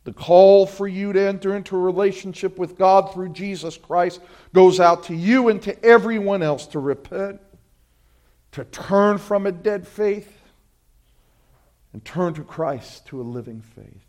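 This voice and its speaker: A man preaching a sermon, swinging between loud emphatic appeals and quiet, dropped phrases, and urging his listeners directly. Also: high-pitched, a little slow. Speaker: pastor.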